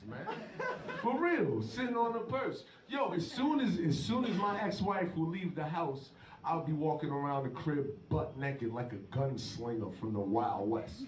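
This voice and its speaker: A man's voice: high-pitched, background noise. A man doing a crude stand-up comedy set, telling raunchy stories. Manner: crude, boastful storytelling. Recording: echoey club heard from far.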